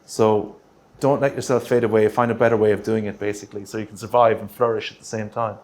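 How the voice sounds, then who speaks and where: A man presenting a grant writing workshop, punchy and energetic, checking in with the room with quick rhetorical questions. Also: lowish voice. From Australia.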